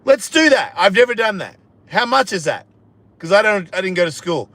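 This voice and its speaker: A man's voice: big pitch swings, normal speed, a bit bright. Blunt, profane man in his fifties. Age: 50s. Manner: profane, blunt, jokey, drops into a low mumble. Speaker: live stream host. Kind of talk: rambling casual chat reading viewer comments.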